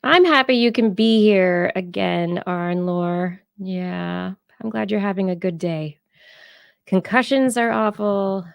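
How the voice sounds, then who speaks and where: A woman's voice: mid-range voice, slow, vocal fry, clean tone, no room sound, clean studio sound. A woman co-hosting a live science podcast stream, chatting casually and laughing often. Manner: chatty, laughs often, talks to her cats and chat. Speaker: podcast co-host.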